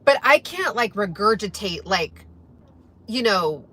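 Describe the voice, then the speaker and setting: A woman's voice: medium pitch, very animated, slow pace, sharp tone. A young woman chatting casually to her viewers, rambling as she eats breakfast. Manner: rambling, chatty, eating while talking. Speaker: vlogger. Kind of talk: casual chat to camera while eating.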